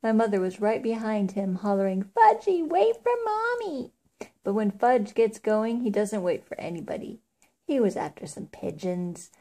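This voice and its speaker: A woman's voice: medium pitch, moderate pace, mellow. A woman reading a children's book aloud in a casual way, with small slips. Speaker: reader.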